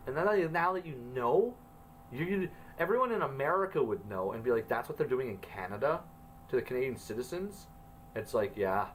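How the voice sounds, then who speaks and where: A man with an ordinary mid-range voice reads his old journal entries aloud in a flat, careful way. Between entries he drops into loose, cursing asides. There is a faint hum of noise behind him. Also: medium pitch, brisk, distant mic, poor audio. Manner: reads stiffly then breaks into loose swearing asides. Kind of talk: casual reading aloud with offhand asides.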